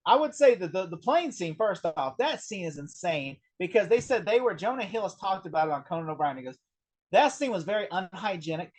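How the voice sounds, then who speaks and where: Rambling, animated man telling stories. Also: sits high, a little fast, hardly any pauses. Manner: rambling, animated anecdote-telling with many fillers. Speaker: film review co-host. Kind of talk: casual film discussion.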